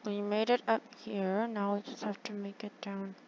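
A woman giving casual commentary over her own gameplay, excitable and chatty with her viewers, gasping and groaning at every setback. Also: mid-range voice, moderate pace, highs cut off, heavy background noise. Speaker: gaming channel host.

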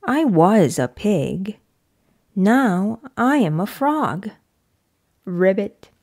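A woman voicing a cheerful, playful girl pig in a slow, lively children's picture book read-aloud. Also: medium pitch, exaggerated voice.

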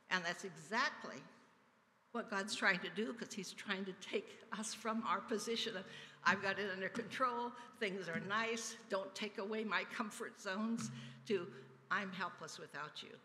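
An older woman giving an earnest personal testimony during a church service, telling stories with soft laughs. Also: mid-range voice, measured pace, slight background noise. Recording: reverberant church sanctuary.

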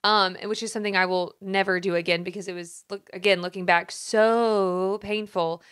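A woman's voice: mid-range voice, steady tone, moderate pace, a bit bright, clear, resonant tone. A woman in her thirties co-hosting a podcast, telling a personal story openly and with emotion. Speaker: podcast co-host. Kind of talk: casual podcast conversation.

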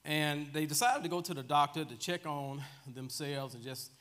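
A man's voice: fairly high pitch, moderate pace, a bit bright. A man preaching a sermon as minister, telling a joke story with chuckles before his teaching.

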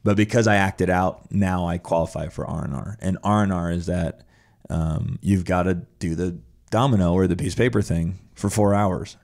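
A man's voice: low voice, moderate pace, vocal fry, darkish tone. A man telling his own story in a casual, blunt and profane way, acting out his past reactions as he goes.

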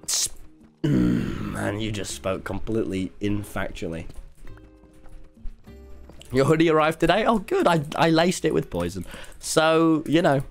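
A young man rattles off cheeky, chaotic gaming commentary. His voice jumps up and down a lot, and he swears casually. Faint music plays underneath. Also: on the high side. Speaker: streamer.

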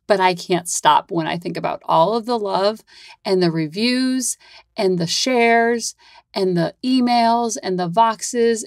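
A woman's voice: on the high side, no echo, clean studio sound. A woman hosting her own parenting podcast, chatting casually in a Valley-girl-ish way full of "like". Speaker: podcast host and parent coach.

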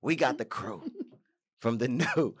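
A man hosting a podcast interview, energetic, laughing often and repeating his phrases. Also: medium pitch, slow, husky. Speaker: podcast host. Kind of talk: casual interview.

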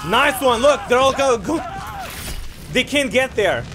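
A man giving casual let's-play commentary while he games, excitable, profane and often exasperated. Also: very high-pitched, unhurried, noisy background. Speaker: gaming video host.

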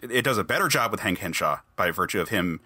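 A man's voice: sits low, animated, fast talker, sharp tone, husky, dry recording. A man hosting a podcast, talking casually and enthusiastically in a rambling way with many restarts. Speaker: podcast host.

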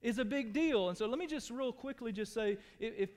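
Pastor, male, high voice, earnest sermon, drops hushed then pleads, echo-filled sanctuary. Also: fairly quick. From Texas. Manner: earnest, shifts between hushed tones and raised pleading. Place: church sanctuary. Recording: long hall reverb.

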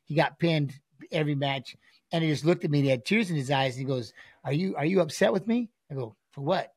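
A man's voice: on the high side, fast, breathy edge, no room sound, clean studio sound. A middle-aged man, a guest and volunteer coach, telling stories in casual chat and acting out quotes. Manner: storytelling, acts out quotes of his son and himself. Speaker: guest, former fighter; volunteer high school coach.

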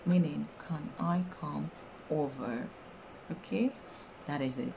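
A woman's voice: low voice, unhurried, vocal fry, mellow, slight background noise, poor audio. A Nigerian woman giving a playful casual lesson, sometimes whispering her example phrases. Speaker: language teacher, vlogger.

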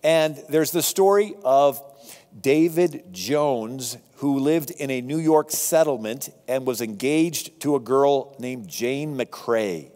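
A man lecturing on history, telling it as a lively story to a live audience with asides. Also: medium pitch, slow, in a large hall. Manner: animated, conversational storytelling with asides. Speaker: speaker on history.

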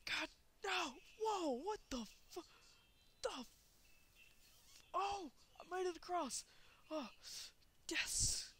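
A woman giving let's play commentary, excitable, laughing and shrieking, cursing at the game. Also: very high voice, slow, long pauses, slight background noise. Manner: swears and exclaims at the game. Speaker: gameplay commentator.

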